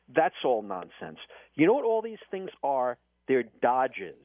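A man in his fifties from New York City, talking on radio in a forceful, emphatic way and waving off opposing views. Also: medium pitch, wildly swooping pitch, a little slow. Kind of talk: opinionated radio talk. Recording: tinny phone line.

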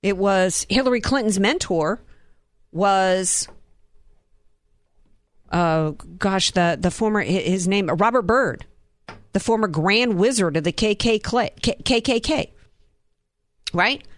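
A woman's voice: mid-range voice, animated, takes it slowly, long pauses, no room sound. A woman from the Southern United States giving a political commentary monologue, indignant and firing off rhetorical questions.

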